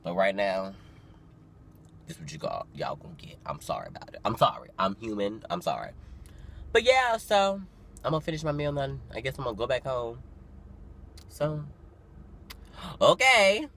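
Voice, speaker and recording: A young man of nineteen vlogging casually, chatty and dramatic, full of fillers and sudden loud, excited storytelling. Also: medium pitch, normal speed, long pauses, a little hiss or hum. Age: young adult. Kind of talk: casual vlog talk to camera. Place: parked car. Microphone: phone camera.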